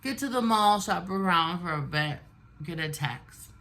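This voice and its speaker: A woman's voice: lowish voice, animated, measured pace, a bit bright. A woman in her forties telling a storytime while doing her makeup, venting bluntly and animatedly. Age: 40s. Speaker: vlogger. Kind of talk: get-ready-with-me storytime.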